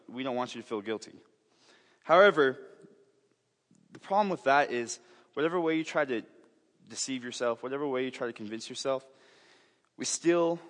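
A young man delivers a sermon in a sincere, chatty way, stumbling into restarts and little asides as he goes. His voice sits at an ordinary middle pitch. A long reverb from a large hall trails behind his words. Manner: earnest, conversational, with frequent restarts and asides. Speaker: preacher.

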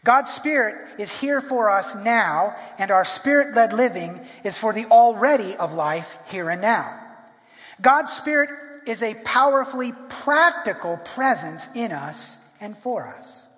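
Middle-aged man, pastor, high voice, delivering a sermon in an emphatic manner with lots of restarts, in a church hall with long reverb. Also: expressive, measured pace, a bit bright. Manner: emphatic, often restarts and repeats words. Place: church sanctuary.

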